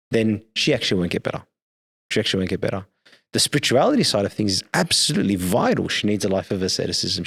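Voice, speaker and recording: A man's voice: fairly low pitch, vocal fry, husky. A man, a priest, explaining things earnestly in a podcast discussion and checking in with "right?". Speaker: priest guest.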